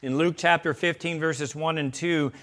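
A male pastor preaching an emphatic sermon, calling his listeners beloved and swinging from loud declarations to hushed appeals. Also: a little high, fairly even intonation, moderate pace.

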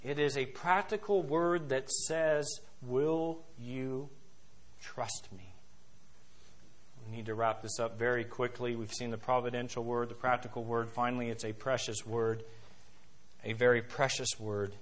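Preacher with a bright, forceful voice. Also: male voice, steady tone. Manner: swings between soft, low asides and loud, rising emphasis; quotes scripture and hymn lines in a slow, stressed cadence. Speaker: pastor. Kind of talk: sermon.

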